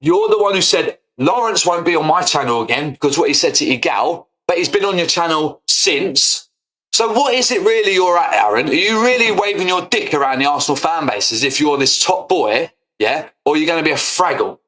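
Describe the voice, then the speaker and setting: A young man rants at his stream audience, combative and full of swearing. His voice sits a bit high and sounds bright and forceful as he keeps hammering the same points. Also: expressive, fairly quick, rough recording. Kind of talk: heated casual rant.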